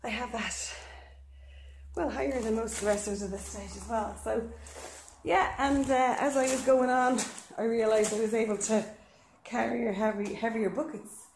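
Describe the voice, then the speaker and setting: A woman chatting casually to camera outdoors in her garden while she works, unhurried, with lots of ums and a little out of breath. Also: on the high side, steady tone, darkish tone, reverberant, slight background noise. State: slightly out of breath from physical work. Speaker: vlogger.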